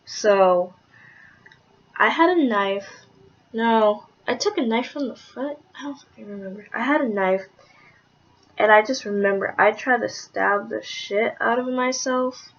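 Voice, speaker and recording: A young woman talking candidly in a personal vlog, rambling with lots of "like"s and swearing, soft-spoken with hesitant restarts. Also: on the high side, a little slow. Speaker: vlogger. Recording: dull lo-fi audio.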